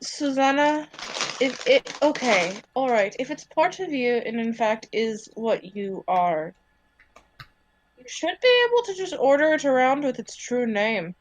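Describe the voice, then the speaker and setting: A woman's voice: high-pitched, very animated, a little slow, low-quality recording. A woman voicing a skeptical, matter-of-fact adventurer who halts and restarts while explaining.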